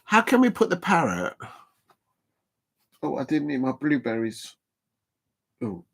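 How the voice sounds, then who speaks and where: A man's voice: on the high side, big pitch swings, unhurried, creaky, a bit bright. A man hosting a casual live stream watch-along, rambling and chuckling as he chats to viewers.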